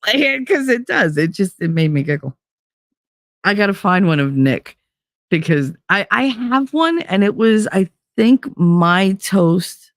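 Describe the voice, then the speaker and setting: A woman chatting loosely on her stream, drifting between stories with a giggle and plenty of swearing. Her voice sits in an ordinary middle pitch and comes across dry and close, with no room sound. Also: animated, a little slow, no room sound. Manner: rambling, giggly, swears freely. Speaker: live streamer. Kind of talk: casual chat stream.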